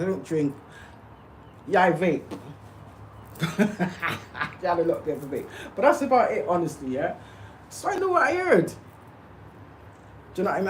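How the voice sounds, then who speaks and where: Animated woman talking emphatically. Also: sits low, a little hiss or hum, poor audio. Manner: emphatic, repeats "okay?" and "yeah?" to the listener. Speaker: spiritual livestreamer. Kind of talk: casual livestream monologue.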